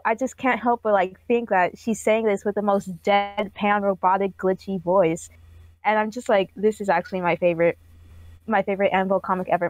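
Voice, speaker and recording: A woman's voice: mid-range voice, no echo, rough recording. A woman co-hosting a casual podcast, giving bubbly, rambling feedback on a comic. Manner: bubbly, rambling, playful voices. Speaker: co-host reviewing comics.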